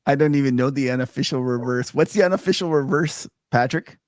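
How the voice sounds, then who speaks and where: A man's voice: medium pitch, a little fast, no echo, clean studio sound. A man co-hosting a podcast, talking markets in a loose, casual way with lots of fillers and easy laughs. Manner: loose, filler-heavy talk, laughs easily. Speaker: podcast co-host.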